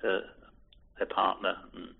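A man in his eighties, from Liverpool, recalling his past in an oral history interview, hesitant and repeating words with soft chuckles. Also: low voice, monotone, unhurried, creaky, husky. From Liverpool, England. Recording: tinny phone-like recording.

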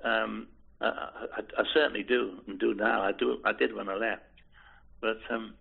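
Elderly male interviewee, deep gravel in the voice, halting and repetitive reminiscence over a tinny phone-like line. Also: steady tone. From Liverpool, England. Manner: hesitant, restarts and repeats words, chuckles softly. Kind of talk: oral history reminiscence.

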